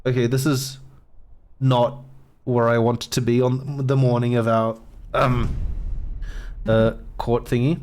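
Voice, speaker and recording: A man's voice: medium pitch, little pitch movement, slow, pauses often, a little mellow. Wry man streaming a game. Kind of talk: let's play commentary.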